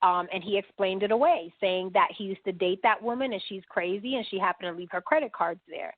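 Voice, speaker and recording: A woman's voice: mid-range voice, brisk, no room sound. Woman guest, storyteller who acts out every quote, thin phone-like sound, dry. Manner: animated storyteller acting out quoted dialogue. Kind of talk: podcast interview storytelling.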